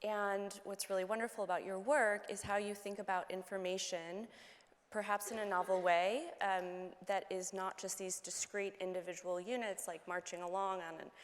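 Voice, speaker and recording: A woman's voice: medium pitch, level tone, normal speed. Woman moderating a panel in a hall. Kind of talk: panel discussion questions. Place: conference hall. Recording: hall reverb from a conference stage.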